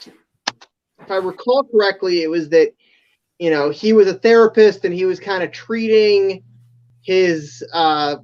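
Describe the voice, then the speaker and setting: A man's voice: sits high, a little slow, pauses often, darkish tone. A man chatting casually as a podcast guest, telling stories loosely with hesitant fillers and some swearing. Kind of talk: casual chat. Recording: slightly dull, lo-fi sound.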